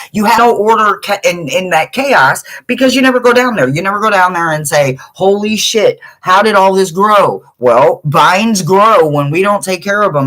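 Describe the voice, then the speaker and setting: A woman's voice: mid-range voice, a bit bright, rough recording. A woman working as a spiritual reader, giving a blunt, emphatic pep talk to the listener. She swears freely and repeats phrases to drive her points home.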